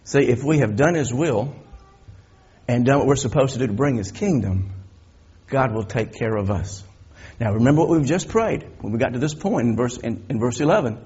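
A man's voice: mid-range voice, lively intonation, moderate pace, darkish tone, breathy edge, dull audio. A middle-aged man preaching a sermon, building emphasis and asking rhetorical questions of his listeners. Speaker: pastor.

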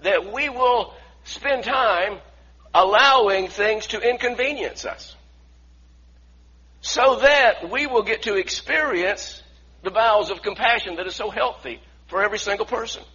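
A man preaching a sermon, swinging from loud, emphatic bursts to quiet, intense passages. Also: high-pitched, a little slow, slightly rough. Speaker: pastor. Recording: slightly dull lo-fi sound.

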